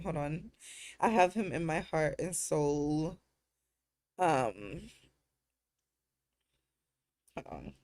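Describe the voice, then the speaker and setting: A woman's voice: sits low, lively intonation, very slow, long pauses, darkish tone. A woman streamer in casual chat, joking crudely and laughing often, trailing off into fillers between thoughts. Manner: crude teasing humor with frequent laughter.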